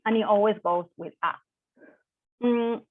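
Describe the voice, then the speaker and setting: A woman's voice: mid-range voice, no echo. Woman teaching over a tinny line. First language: Spanish. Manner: explains slowly with self-corrections, mixing Spanish examples. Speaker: Spanish teacher. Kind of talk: online language lesson. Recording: tinny phone-like dry sound.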